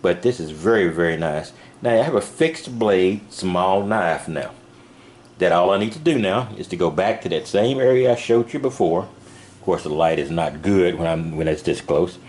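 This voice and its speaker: A man casually showing a pocket knife in a vlog, talking in a rambling, halting way with many fillers. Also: sits low, lively intonation, darkish tone, a little hiss or hum. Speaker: knife reviewer. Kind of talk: casual product demo vlog. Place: van.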